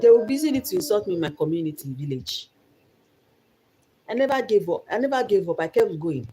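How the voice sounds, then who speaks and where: A woman's voice: mid-range voice, very animated, fairly quick, dark tone, a little hiss or hum. A young Nigerian woman giving an earnest motivational talk about her life, repeating phrases for emphasis. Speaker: vlogger.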